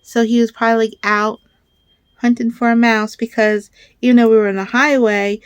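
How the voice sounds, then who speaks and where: A woman in her thirties chatting casually in a crafting vlog, rambling and excitable, with bursts of animated storytelling. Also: on the high side, moderate pace, clear, resonant tone, dry recording. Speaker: crafter vlogger.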